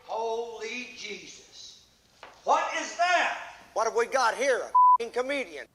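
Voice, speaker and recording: A man's voice: very high voice, lively intonation, a little slow, pushed and bright, reverberant, voice pushed up, heavily acted, low-quality recording. A man doing a barking drill instructor. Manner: barks insults and orders. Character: screaming drill instructor, male, harsh and mocking.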